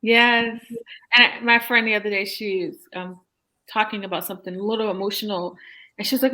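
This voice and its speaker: Bright-voiced animated woman podcast host. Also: medium pitch, a little fast. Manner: warm, animated, laughs often, many fillers. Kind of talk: casual interview chat.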